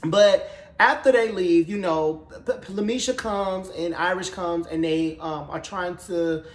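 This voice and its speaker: A man with a high voice recaps a TV episode in a sassy, profane, gossipy way. He tells it with animated flair. The room around him is echoey. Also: a little slow. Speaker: TV show recap reviewer.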